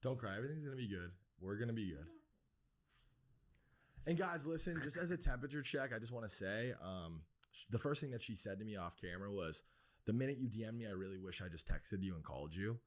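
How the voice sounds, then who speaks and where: A man's voice: on the low side, expressive, a little fast. A man hosting an interview, talking in a soothing, reassuring way. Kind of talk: interview conversation.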